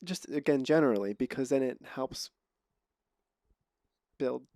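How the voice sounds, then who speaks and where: A man's voice: medium pitch, a little slow, mellow, no room sound, studio quality. A man hosting a podcast, chatting casually and often restarting his sentences. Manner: rambling, trails off and restarts sentences. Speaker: podcast host. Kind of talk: casual conversation. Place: Los Angeles.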